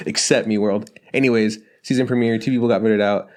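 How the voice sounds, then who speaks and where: A man's voice: lowish voice, brisk. Profane, joking podcast co-host man. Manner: profane, joking, animated storytelling. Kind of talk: casual podcast chat.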